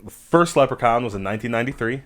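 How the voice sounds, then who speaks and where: A young man co-hosting a casual podcast chat, laughing often and tossing out quick asides. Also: medium pitch, expressive. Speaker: podcast co-host.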